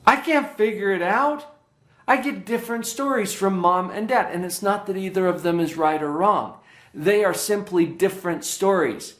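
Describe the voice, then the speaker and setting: A man's voice: high-pitched, fairly bright tone, roomy sound. A man giving a parenting workshop as a child psychologist, speaking emphatically and often checking in with his listeners.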